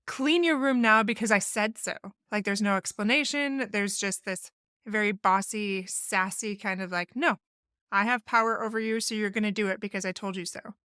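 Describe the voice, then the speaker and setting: A woman's voice: medium pitch, fairly bright tone, dry recording, clean studio sound. A woman therapist hosting a solo podcast, explaining family communication in an earnest, instructive way and acting out sample phrases. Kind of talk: solo podcast advice talk.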